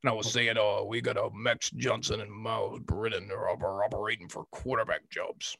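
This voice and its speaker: A man doing an impression of a boastful, trash-talking college football coach, with a deep gravelly drawl. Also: level tone, a little fast, pushed and bright, no echo, full character voice. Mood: cocky trash talk.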